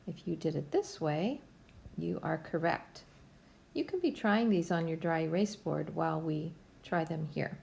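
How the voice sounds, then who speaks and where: A woman's voice: low-pitched, expressive, vocal fry, darkish tone. A woman teacher giving a patient, step-by-step phonics lesson to young students from home. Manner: slow, patient, step-by-step instruction.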